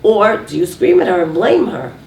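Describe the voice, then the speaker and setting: A woman with a low, gravelly voice lectures to a live audience and keeps asking rhetorical questions. She is picked up from a distance in an echoey room, with a faint hiss underneath. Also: normal speed. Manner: lively, asks rhetorical questions. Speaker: speaker giving a talk on relationships. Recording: roomy, distant mic, faint noise.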